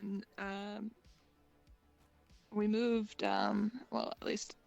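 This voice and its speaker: A woman's voice: medium pitch, flat delivery, very slow, vocal fry, a little mellow, muffled recording, faint music behind. A woman roleplaying casually, playful and hesitant, with lots of fillers. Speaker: roleplayer, character named Rain. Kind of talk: casual in-character chat.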